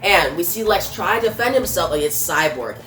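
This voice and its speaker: A woman recapping a comic's plot in a casual, plain retelling, pausing with fillers. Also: on the low side, animated, a bit bright. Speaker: comic reviewer. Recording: roomy with faint music.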